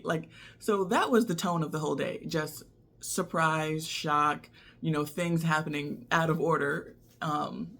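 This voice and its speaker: Young woman, casual storytelling, animated, laughs often, lowish voice. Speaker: vlogger.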